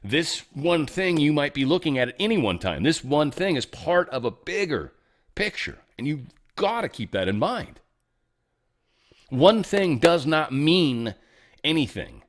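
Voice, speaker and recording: A man's voice: on the high side, moderate pace. A man hosting an online talk show, talking in a loose, rambling way with many asides. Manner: animated, rambling, fond of asides. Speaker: show host. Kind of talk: casual political commentary.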